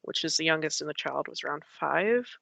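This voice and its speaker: A woman's voice: sits low, lively intonation, fairly quick, creaky, a bit bright, no echo. A woman guest telling a personal story in a casual, rambling way, full of likes and ums. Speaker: podcast guest.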